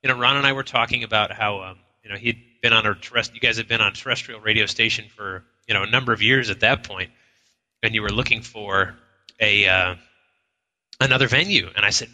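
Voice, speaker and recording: Brisk and lowish yet very bright, another male co-host spins stories on a live paranormal radio broadcast from an inn function room. Long hall echo follows his casual chat as he acts out quotes and keeps restarting.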